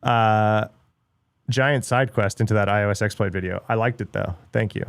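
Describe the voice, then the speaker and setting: A man's voice: on the low side, steady tone, normal speed, gravelly, clean tone, no room sound, clean studio sound. A middle-aged man hosting a livestream, ranting bluntly in casual chat with lots of swearing and filler words. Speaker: livestream host.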